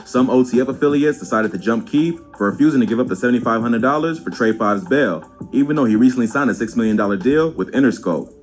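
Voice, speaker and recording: Male documentary narrator over music. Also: mid-range voice. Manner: even, measured storytelling. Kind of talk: scripted narration.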